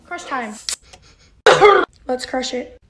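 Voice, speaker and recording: Chatty young woman vlogger, high voice, laughs at herself between lines. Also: drawn-out words, heavy background noise. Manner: giggly, chatty, self-mocking. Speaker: social media creator. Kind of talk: casual vlog to camera.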